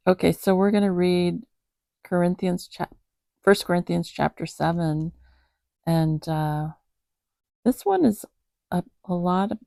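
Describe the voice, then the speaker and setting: A woman's voice: lowish voice, creaky, warm tone, dry recording. A woman hosting a casual Bible reading for her cats at home, chatty and self-deprecating, often breaking into giggles. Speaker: host.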